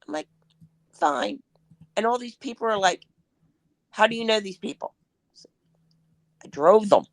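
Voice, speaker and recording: A woman's voice: mid-range voice, lively intonation, normal speed, dry recording. Woman guest telling anecdotes, dry sound. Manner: anecdotal storytelling, acts out quotes. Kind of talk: casual chat.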